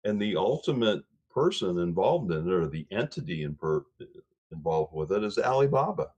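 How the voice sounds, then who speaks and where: A man's voice: low-pitched, very animated, moderate pace, a little mellow, slightly rough. A man talking on a livestream coin panel over a video call, often restarting and repeating words as he thinks. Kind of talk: casual livestream discussion.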